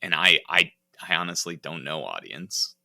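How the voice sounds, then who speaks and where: A man co-hosting a casual podcast chat, speaking deliberately as he delivers the sign-off and plugs. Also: low-pitched, animated, pushed and bright. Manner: deliberate, wraps up the show with the outro. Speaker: podcast co-host.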